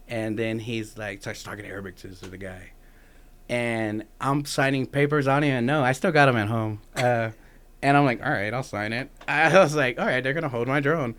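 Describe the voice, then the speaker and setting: A man's voice: fairly low pitch, fairly bright tone. A young adult man, a military veteran guest on a podcast, telling a loose, profane story in casual chat and acting out what other people said. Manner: loose, profane anecdotes with lots of "like" and acted-out quotes.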